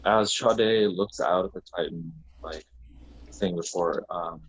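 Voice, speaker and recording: A man's voice: deep voice, slow pace. A man playing a tabletop game, hesitantly describing his character with many fillers. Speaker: player. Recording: dull muffled recording.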